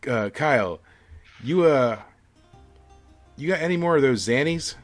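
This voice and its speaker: A man's voice: mid-range voice, animated, unhurried, over music, voice pushed up, natural voice. A man voicing a reckless, drugged-out male adventurer in a tabletop game, laid-back and slangy. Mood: casual.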